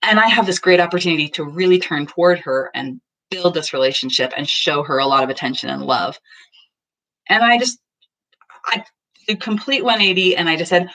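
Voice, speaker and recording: Earnest mom chatting about parenting. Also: female voice, on the low side, moderate pace, a bit bright. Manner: earnest, acts out little dialogues. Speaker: parenting vlogger. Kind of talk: casual talk to camera. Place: home, just in from the garden.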